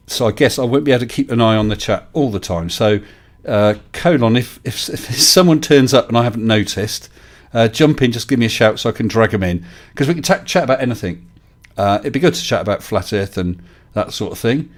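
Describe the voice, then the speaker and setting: A middle-aged man, hosting a casual live-stream chat from his home desk, joking and talking to viewers by name. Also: mid-range voice. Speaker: livestream host.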